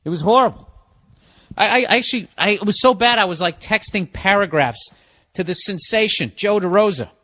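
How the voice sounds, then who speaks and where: A man's voice: high voice, animated, normal speed, bright, forceful tone, dry recording, studio quality. Profane, rambling man ranting. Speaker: comedian and podcast host. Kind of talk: solo podcast rant.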